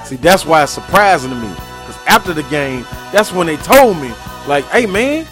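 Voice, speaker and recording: A man's voice: on the high side, lively intonation, normal speed, a bit bright, faint music behind. Fired-up man ranting. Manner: fired-up, emphatic ranting in heavy slang. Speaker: sports talk show host. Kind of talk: live sports talk monologue.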